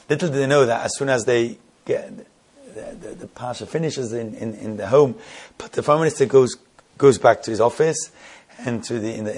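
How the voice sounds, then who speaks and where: A man telling a story in a sermon, halting and repeating words, building to emphatic questions. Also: mid-range voice, a little mellow, husky.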